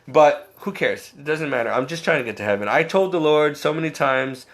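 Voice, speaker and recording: A man's voice: on the high side, moderate pace, slight background noise. A man earnestly sharing a personal faith story, self-deprecating and often laughing at himself. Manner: quotes himself and others in animated bursts. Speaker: Catholic layman sharing testimony.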